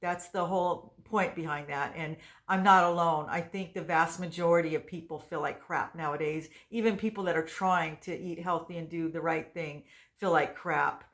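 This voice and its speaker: A woman's voice: fairly low pitch, fairly even intonation, normal speed, fairly bright tone. A woman in her sixties, talking casually to her viewers in a rambling, chatty way with frequent restarts. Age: 60s. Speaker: vlogger. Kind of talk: casual chat to camera.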